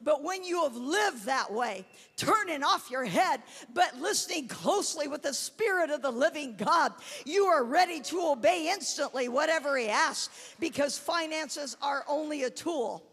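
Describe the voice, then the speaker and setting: High-pitched woman preacher, animated storyteller, long hall reverb. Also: normal speed, few pauses. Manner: animated storytelling, laughing and shouting at high points. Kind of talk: sermon with a personal story.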